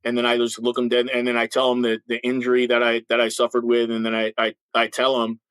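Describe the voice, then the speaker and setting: A man's voice: medium pitch, monotone, fast, few pauses, fairly bright tone, clear, resonant tone, no room sound, poor audio. Blunt fifty-something man with a slight lisp. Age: 50s. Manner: blunt, emphatic, repeats words when starting sentences. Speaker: retired police officer, guest. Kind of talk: candid interview storytelling.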